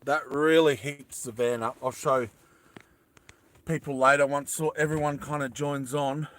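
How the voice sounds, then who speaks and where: A man's voice: a little high, steady tone, unhurried, a bit bright. An Australian man streaming live from inside his van, rambling casually and greeting viewers as they join. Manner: rambling, greets viewers and answers chat aloud. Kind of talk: casual livestream chat.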